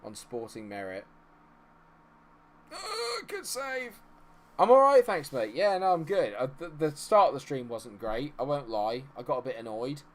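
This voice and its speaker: Excitable man streaming a game. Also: medium pitch, moderate pace, hardly any pauses, a little hiss or hum. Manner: excitable, reacting loudly to match moments. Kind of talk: live gaming commentary chatting with viewers.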